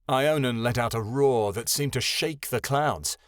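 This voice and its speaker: A man narrating a fantasy audiobook in a calm, even storytelling voice. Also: medium pitch, unhurried, hardly any pauses, no echo, studio quality.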